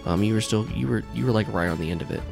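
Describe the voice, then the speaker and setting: Low-voiced man rambling as game master. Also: racing, gravelly, over music. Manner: rambling, full of fillers and restarts. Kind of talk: narrating a tabletop game.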